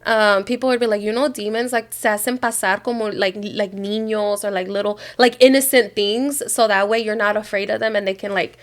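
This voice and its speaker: A woman's voice: mid-range voice, steady tone, fairly quick, hardly any pauses. A woman co-hosting a podcast, telling a story in casual chat, switching between English and Spanish and swearing casually. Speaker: podcast co-host.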